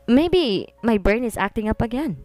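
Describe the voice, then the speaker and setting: A woman voicing a defiant young heiress who answers with sharp, snappish retorts. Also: a little high, very animated, normal speed, no room sound, faint music behind.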